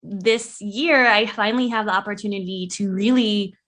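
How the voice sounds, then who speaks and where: A young woman co-hosting a podcast in casual chat, playful and quick to laugh, swearing freely. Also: medium pitch, fairly bright tone. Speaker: podcast co-host.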